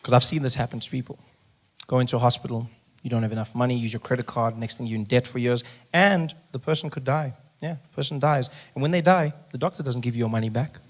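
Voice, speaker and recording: A man's voice: medium pitch, fast. A man doing stand-up comedy, telling a story and acting out the people in it. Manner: animated, acts out characters, shouting bursts.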